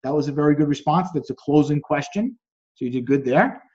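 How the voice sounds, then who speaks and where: A man's voice: a little fast, muffled recording. A man coaching on a group call, reading out chat messages, critiquing them, and acting out quoted lines. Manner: acts out quoted dialogue with lively pitch jumps. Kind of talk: casual teaching on a group call.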